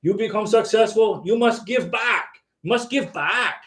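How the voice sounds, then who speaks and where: A man putting on an impression of a gruff Austrian bodybuilder, with commanding, clipped, repeated orders and an Austrian accent. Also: high-pitched, unhurried, fairly bright tone, reverberant, recorded from a distance. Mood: urging.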